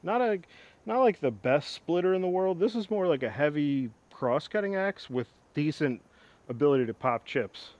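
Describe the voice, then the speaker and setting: A man's voice: on the high side, lively intonation, normal speed, darkish tone, muffled recording. A man hosting an axe restoration vlog, talking casually in a rambling, enthusiastic way with frequent asides. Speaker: host of an axe restoration channel. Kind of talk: casual show-and-tell vlog.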